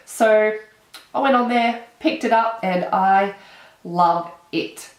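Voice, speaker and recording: A woman's voice: medium pitch, normal speed. Bubbly Australian woman with a cold. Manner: bubbly, excitable, chatty. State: nasal from a cold. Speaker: beauty vlogger. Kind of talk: casual chat. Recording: echoey room.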